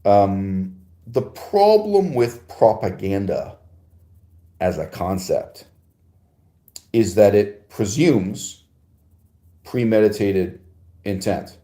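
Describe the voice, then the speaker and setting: A man's voice: on the low side, lively intonation, drawn-out words, pauses often, mellow, echoey room. A man hosting a podcast, answering a listener's email in a digressive, emphatic philosophical monologue with frequent laughs and rhetorical asides.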